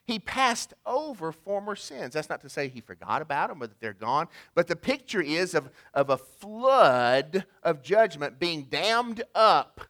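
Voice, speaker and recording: A man's voice: fairly high pitch, very animated, measured pace, few pauses, sharp tone. A man preaching a sermon in a conversational way, asking the congregation rhetorical questions. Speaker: pastor.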